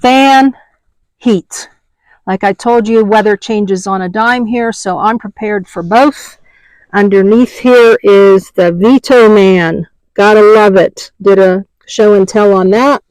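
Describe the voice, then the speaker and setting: A woman's voice: medium pitch, slow pace, darkish tone, no room sound, poor audio. An older woman giving a chatty, homey show-and-tell tour from inside her parked car, naming items one by one. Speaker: vlogger.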